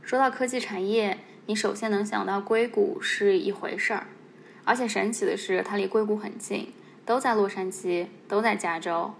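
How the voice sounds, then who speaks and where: Woman, podcast host, conversational explaining, playful asides, mid pitch, faint hiss. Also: fairly even intonation, normal speed, creaky. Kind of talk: casual podcast narration.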